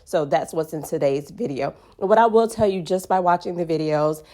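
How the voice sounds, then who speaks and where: A woman welcomes viewers to her channel in a chatty, casual way. Her voice sits fairly low and sounds mellow and soft-edged. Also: fairly quick. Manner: chatty, friendly greeting, laughs easily. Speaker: channel host. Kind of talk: casual vlog intro.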